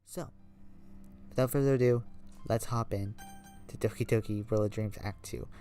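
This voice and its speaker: A man hosting a let's play at home late at night, talking quietly but clearly excited. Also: on the low side, moderate pace, faint music behind. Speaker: gaming YouTuber host. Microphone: handheld mic held close.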